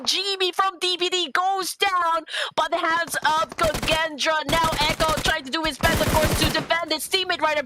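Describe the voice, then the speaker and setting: A woman casting a live esports match in English with a Southeast Asian accent, excitable and quick to laugh as she calls the action. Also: high-pitched, slight background noise. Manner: excitable, laughs often, crowd-hyping. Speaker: esports caster. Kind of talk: live esports play-by-play commentary.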